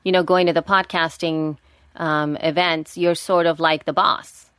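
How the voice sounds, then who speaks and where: A woman's voice: low voice, steady tone, measured pace, fairly bright tone, clean tone, no echo, clean studio sound. A woman co-hosting a podcast in casual chat, talking loosely with many fillers. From North Carolina, US. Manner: loose, filler-heavy talk. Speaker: podcast co-host.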